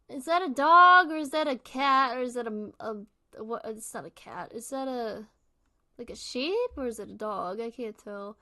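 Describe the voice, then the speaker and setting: A woman's voice: fairly high pitch, pushed and bright. A woman hosting a livestream, giving casual, rambling reaction commentary full of fillers into a close microphone. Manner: chatty and rambling, many fillers. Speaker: livestream host.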